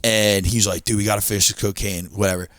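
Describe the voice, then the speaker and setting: A man's voice: lowish voice, level tone, quick pace, fairly bright tone, no room sound. A man chatting casually as a podcast guest, rambling through stories with frequent laughs and swearing. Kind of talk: casual chat.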